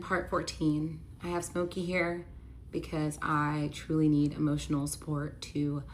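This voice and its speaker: A woman's voice: low voice, slight background noise. A young woman telling a personal story in a casual storytime vlog, chatty, with many fillers of "like", acting out quoted lines. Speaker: storytime vlogger.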